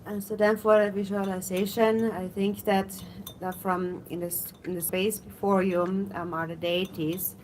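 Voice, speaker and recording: A woman interpreting a Buddhist teaching into English, halting often with "um" pauses. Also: medium pitch, level tone, darkish tone, a little hiss or hum, low-quality recording. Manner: halting, with frequent 'um' pauses.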